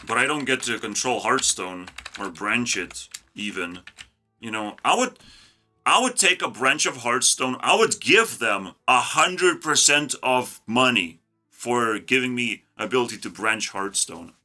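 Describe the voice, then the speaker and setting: A man's voice: mid-range voice, lively intonation, unhurried, bright, forceful tone, faint music behind. A man ranting casually about a card game, mocking and profane, breaking into laughter. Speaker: YouTube gaming creator. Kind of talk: casual ranting commentary while designing cards.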